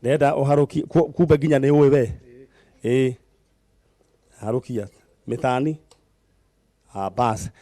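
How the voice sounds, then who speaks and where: A man with a Kenyan accent hosting a live TV prize segment, giving brisk instructions to a contestant. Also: medium pitch, fairly even intonation, warm tone, no echo. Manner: brisk, coaxing, gives instructions. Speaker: TV show host. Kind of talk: lively live TV game segment.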